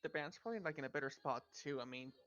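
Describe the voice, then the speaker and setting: A man's voice: on the high side, quick pace, fairly bright tone, dry recording, dull audio. A male guest in a casual podcast chat, giving his opinions.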